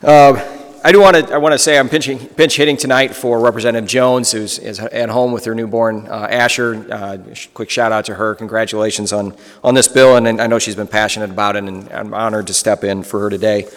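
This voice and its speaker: A man speaking as a state representative on the floor, halting and restarting as he thanks colleagues. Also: on the low side, fairly even intonation. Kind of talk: formal floor speech. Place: legislative chamber. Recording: long reverb of a large chamber.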